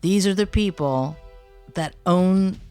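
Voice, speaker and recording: A man hosting a podcast, reading scripted narration and clarifying points in a measured way. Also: sits high, warm tone, smooth, soft background music. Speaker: podcast host.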